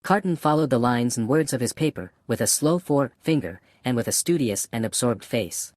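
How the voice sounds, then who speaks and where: Measured male audiobook narrator, dry sound. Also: mid-range voice, animated, a little mellow, no room sound. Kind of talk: scripted narration.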